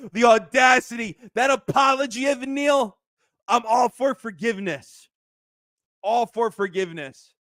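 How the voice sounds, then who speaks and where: A man hosting a sports fan show, ranting and shouting in heated commentary, then dropping into low grumbles. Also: no room sound, clean studio sound.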